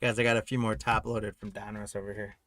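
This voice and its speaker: A man's voice: lowish voice, little pitch movement, quick pace, a bit bright, rough recording. A man hosting a live card-breaking stream, casually reading off names and teams and chatting with viewers while tearing into packs, with hiccups. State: has the hiccups.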